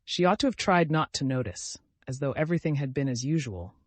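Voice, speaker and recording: A man narrating a classic story in steady, scripted audiobook reading. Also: medium pitch, a little fast, no room sound.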